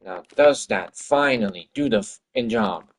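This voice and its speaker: A man's voice: fairly low pitch, expressive, unhurried. A man streaming his game-development work, talking to himself in an exasperated, swearing rant. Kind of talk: livestream commentary while working.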